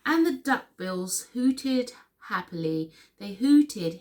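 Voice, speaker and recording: Lady doing storytime, reading a kids book slow and sing-songy, swoopy expressive voice. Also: medium pitch. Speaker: story reader. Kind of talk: children's storytime read-aloud.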